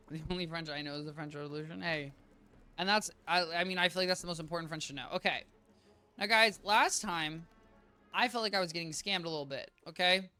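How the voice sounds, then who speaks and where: A man streaming a game, chatting casually with viewers in a rambling, self-interrupting way, a little tired and low on energy. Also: sharp tone, smooth. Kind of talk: casual live-stream gameplay chat. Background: game music.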